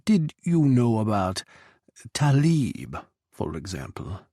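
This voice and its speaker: A man's voice: on the low side, huge pitch swings, slow, dark tone, no echo, studio quality, heavily acted. A man voicing a scheming, restless Russian president with a thick Russian accent and a smirking, cutting manner. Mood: sly.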